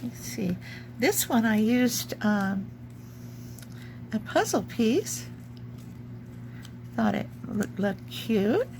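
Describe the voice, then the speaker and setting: A woman's voice: fairly high pitch, sing-song, very slow, gravelly, long pauses, background noise. A woman casually showing her craft work, rambling and searching for words with many ums. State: has the hiccups. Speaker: junk journal crafter. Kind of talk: casual craft show-and-tell.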